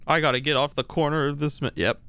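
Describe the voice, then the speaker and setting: A man's voice: on the high side, steady tone, quick pace, vocal fry, a bit bright, no room sound. A man streaming a game live, talking to his viewers and teammates in a playful, mock-boastful, chatty way.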